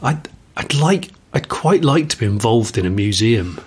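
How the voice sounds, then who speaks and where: A man's voice: medium pitch, lively intonation, normal speed, a little mellow, breathy edge. A man co-hosting a podcast, chatting casually in a musing, rambling way with frequent restarts. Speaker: podcast co-host. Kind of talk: casual chat.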